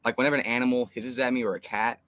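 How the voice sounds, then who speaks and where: A man's voice: mid-range voice, fairly even intonation, rapid-fire, a bit bright. A young man co-hosting a fan live stream, rambling through an exasperated story with lots of fillers. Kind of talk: casual live stream chat.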